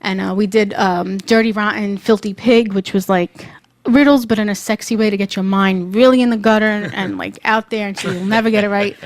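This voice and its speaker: A woman's voice: medium pitch, fairly quick, dry recording. A woman, a radio personality guest telling bawdy stories with lots of laughter in a casual radio chat. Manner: bawdy, laughing, animated storyteller.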